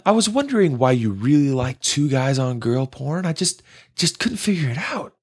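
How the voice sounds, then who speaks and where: A man's voice: medium pitch, big pitch swings, moderate pace, husky. A man co-hosting a podcast in casual, crude banter, teasing and laughing often. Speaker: podcast co-host.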